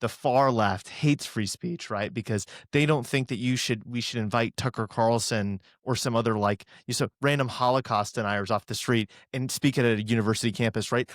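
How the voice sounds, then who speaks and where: A man's voice: medium pitch, moderate pace, hardly any pauses, no room sound. Sarcastic indignant male commentator, dry mic. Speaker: political commentary co-host. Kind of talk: casual political commentary.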